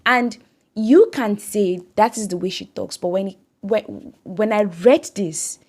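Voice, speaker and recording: A woman podcast host with a medium-pitched, darkish voice speaks a little slowly on a devotional podcast. She exhorts earnestly, repeating phrases for emphasis.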